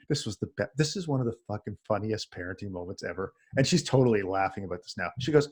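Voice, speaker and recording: A man, a husky voice, chatting casually as a podcast co-host and telling an animated, swearing story. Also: fairly low pitch, fast, hardly any pauses. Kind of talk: casual chat among friends.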